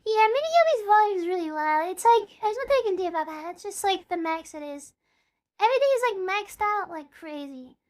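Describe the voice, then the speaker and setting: A woman VTuber chatting casually on a live stream, bubbly and talkative, dropping playful meows between sentences. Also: extremely high pitch.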